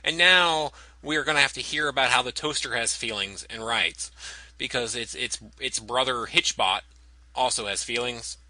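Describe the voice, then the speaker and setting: A man's voice: medium pitch, normal speed, pushed and bright, no room sound, poor audio. A man co-hosting a podcast, wry and hesitant with lots of ums. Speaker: podcast co-host. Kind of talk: casual chat.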